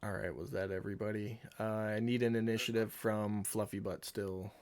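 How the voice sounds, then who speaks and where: A man with a fairly low voice runs a tabletop game as game master. He explains rules and turns in an easygoing, patient way. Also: steady tone, moderate pace, darkish tone. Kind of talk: running a tabletop game online.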